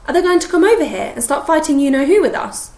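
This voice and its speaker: A woman's voice: high voice, very animated, a little mellow, roomy sound, voice pushed up. A woman doing an eager teenage schoolboy. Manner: eager, quick.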